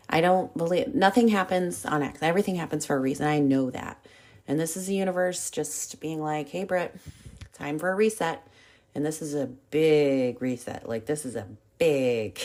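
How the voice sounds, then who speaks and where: A woman with a low voice and darkish tone, speaking at normal speed, hosts her own podcast. Still recovering from a cold and coughing, she tells a story in a casual monologue, candid and swearing freely.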